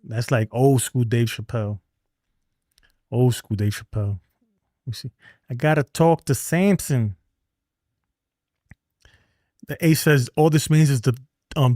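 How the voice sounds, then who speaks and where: A man's voice: mid-range voice, darkish tone, dry recording. Chill guy on a sports stream, talking to chat like buddies, dry close sound. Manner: laid-back and chatty, reads viewer comments aloud; addresses viewers as man and bro. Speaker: livestream host. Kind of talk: casual sports livestream chat.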